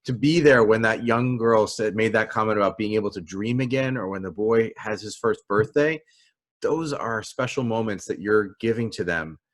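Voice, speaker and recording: A man's voice: lowish voice, normal speed. A man hosting an interview, affirming his guest and guiding the talk with questions. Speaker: interviewer, host. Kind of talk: interview host.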